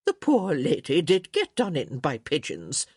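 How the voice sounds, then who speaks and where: A curt, imperious elderly countess with a dry tongue, as a woman puts her on for an audiobook. The voice swoops widely in pitch and carries a breathy edge. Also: wildly swooping pitch, a little slow, a little mellow, no room sound, heavily acted.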